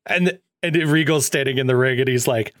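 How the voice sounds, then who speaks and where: A man's voice: medium pitch, brisk, fairly bright tone, no room sound. Giggly man rambling in a dry room. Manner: laughs often, rambling and playful. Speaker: podcast co-host. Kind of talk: casual chat.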